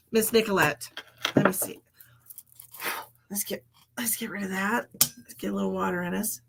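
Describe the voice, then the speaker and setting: A woman's voice: mid-range voice, moderate pace, gravelly, pauses often, noisy background. A woman giving live psychic readings as a medium, chatting casually, laughing often and dropping into whispered asides.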